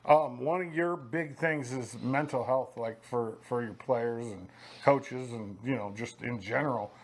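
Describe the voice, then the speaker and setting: A man's voice: mid-range voice, a little slow, slight background noise. Man interviewing a coach, casual. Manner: brief encouraging interjections.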